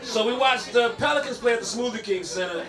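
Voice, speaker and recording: A man's voice: extremely high pitch, fast talker, over a noisy crowd, heavy background noise. A man performing a stand-up routine, telling stories with punchy, repeated punchlines. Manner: animated storytelling, punchy repeated lines. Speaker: stand-up comedian. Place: comedy club stage. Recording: live club, audience laughter. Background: audience laughter.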